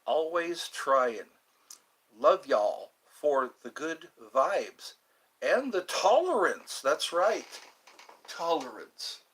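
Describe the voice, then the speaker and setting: Slow-talking man rambling on a livestream. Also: on the high side, very animated, fairly bright tone. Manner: meandering, reads viewer comments aloud and answers them. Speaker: livestream host reading chat. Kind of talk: casual rambling chat.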